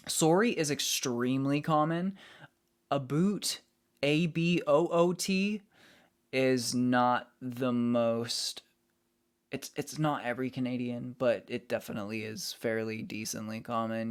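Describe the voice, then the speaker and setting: A man's voice: mid-range voice, clear, resonant tone. A man streaming, chatting casually with his viewers and greeting them as he reads the chat. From United States.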